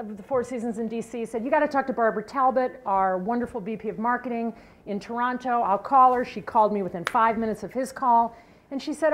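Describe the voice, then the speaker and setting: A middle-aged woman giving a keynote talk, telling a story in an animated way and asking the audience questions. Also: on the high side. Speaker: keynote speaker.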